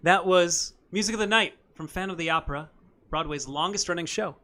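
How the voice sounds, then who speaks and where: A man's voice: sits high, fairly quick, sharp tone. A man in his thirties chatting casually between songs on a live stream, rambling and correcting himself as he goes. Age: 30s. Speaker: singer hosting a live stream. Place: room at home. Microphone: studio microphone.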